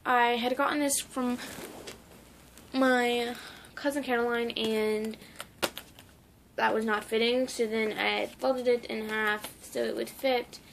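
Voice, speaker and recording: A woman's voice: fairly high pitch, fairly even intonation, slow, gravelly, pauses often, slight background noise. A woman talking casually in a memorial vlog, rambling with lots of "like" and restarts. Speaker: vlogger.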